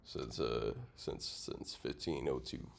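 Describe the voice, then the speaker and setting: A man with a very low voice reads a history script at an unhurried pace. He trips over words often and breaks into laughs and the odd curse, keeping it loose and unpolished. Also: fairly even intonation, gravelly, a little hiss or hum. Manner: stumbles over words while reading; laughs often, swears casually. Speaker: podcast co-host. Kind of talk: casual chat, reading aloud.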